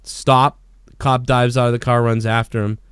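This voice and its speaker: A man tells a long story on his podcast, swearing often and getting more and more excited as he goes. His voice is smooth and clear, recorded close and dry with no room echo. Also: medium pitch, moderate pace. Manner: profane, rambling, excitable storyteller. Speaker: podcast host. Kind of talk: casual storytelling.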